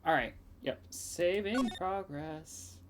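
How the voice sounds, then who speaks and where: A woman's voice: on the low side, lively intonation, takes it slowly, noisy background. A woman streamer chatting casually in laughing asides while playing a game. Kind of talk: let's play commentary. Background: game music.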